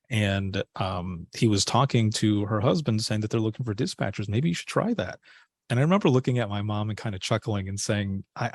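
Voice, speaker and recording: A man's voice: on the low side, a little mellow, no room sound. A man telling a personal story in a casual interview, acting out the dialogue he quotes. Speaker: podcast guest, former dispatcher.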